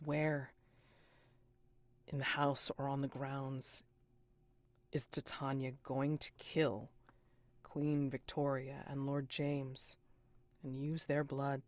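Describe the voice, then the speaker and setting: Game master, woman: slow, deliberate narration, hushes for suspense, dry close mic. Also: a bass voice, no echo. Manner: deliberate, unhurried, dropping to a hush for suspense.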